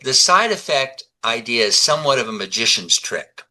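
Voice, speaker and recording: A man in his seventies, a guest in a conversational interview, telling animated stories and acting out the dialogue. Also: medium pitch, moderate pace, rough recording. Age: 70s. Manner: animated storyteller who acts out dialogue.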